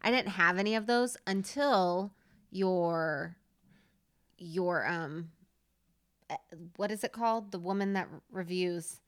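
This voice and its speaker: A woman's voice: on the low side, takes it slowly, fairly bright tone, clean tone, dry recording, studio quality. A woman co-hosting a movie podcast, chatting casually, giggling and trailing off as she rambles. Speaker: podcast co-host. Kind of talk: casual chat.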